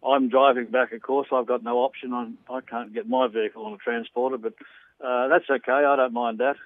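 Aussie bloke on the phone, rambly and earnest, lots of ums, thin phone-line sound. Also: male voice, medium pitch, fairly even intonation, fairly quick, no room sound. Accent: Australian. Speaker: charity ride organiser, phone guest. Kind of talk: phone interview. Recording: tinny phone line, dry.

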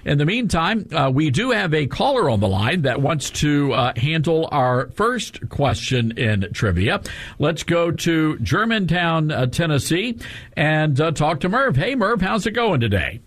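A man hosting a radio talk show, upbeat and jokey, often filling pauses with uh. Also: a little high, big pitch swings, fairly bright tone, no echo. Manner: jokey, upbeat, many filler uhs. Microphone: studio mic.

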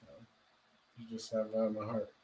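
A man's voice: fairly low pitch, completely flat delivery, normal speed, muffled recording. A man co-hosting a podcast, laid-back and swearing casually as he chats. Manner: laid-back, swears a lot, says dude. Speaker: podcast co-host. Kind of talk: casual chat. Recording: voice a bit off-mic.

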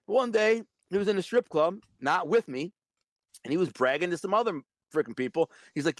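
A man's voice: high voice, very animated, fast, no room sound, studio quality. A man telling a blunt, streetwise story as an interview guest. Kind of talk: casual storytelling.

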